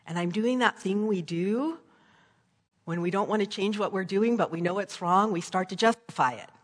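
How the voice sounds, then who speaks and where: Husky-voiced woman preaching in a hall. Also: medium pitch, moderate pace. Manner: earnest storytelling, tags with "right?". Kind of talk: sermon with closing prayer. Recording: long hall reverb.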